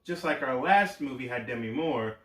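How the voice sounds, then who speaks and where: A man's voice: mid-range voice, animated, moderate pace, a bit bright, distant mic. A man co-hosting a podcast in casual chat, stumbling over words and laughing. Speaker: podcast co-host. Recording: echoey room, away from the mic.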